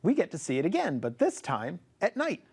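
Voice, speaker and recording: A man's voice: high-pitched, wildly swooping pitch, fairly quick, vocal fry, a little mellow, breathy edge. A man co-hosting a scripted astronomy program as a planetarium director, with an upbeat presenter's reading.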